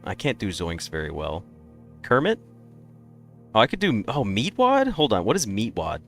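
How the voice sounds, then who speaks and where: A man's voice: on the low side, huge pitch swings, brisk, vocal fry, faint music behind. A man streaming a game, chatting casually and rambling through opinionated takes. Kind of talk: casual live-stream chat.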